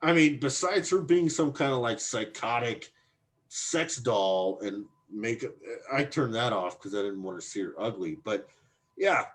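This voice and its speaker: A man's voice: medium pitch, animated, measured pace. A man hosting a podcast in casual chat, talking in a brash, crude and provocative way. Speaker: podcast host.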